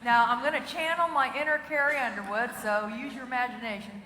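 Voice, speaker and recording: Brief: high, lively woman keynote humorist, bright tone, big echoey hall. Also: a little fast. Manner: animated, playful, bursts into song. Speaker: motivational keynote speaker. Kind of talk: comedic keynote with singing. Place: large auditorium with audience. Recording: echoey hall, faint noise.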